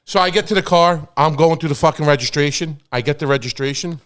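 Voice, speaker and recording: A man, co-hosting a podcast, telling a story in a casual, profane, animated way and acting out the quoted dialogue. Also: fairly high pitch, quick pace, smooth. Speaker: podcast co-host.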